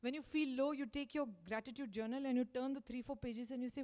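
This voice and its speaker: A guest speaker with a voice on the high side talks fast, with few pauses, giving school staff an emphatic motivational talk. She acts out quotes in lively voices, and the school hall adds long reverb.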